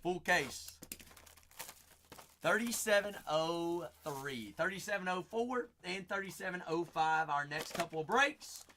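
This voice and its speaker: A man hosting a live card break stream, rattling off buyers' names with playful, sing-song banter and sudden loud bursts. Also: high-pitched, expressive, unhurried, noisy background.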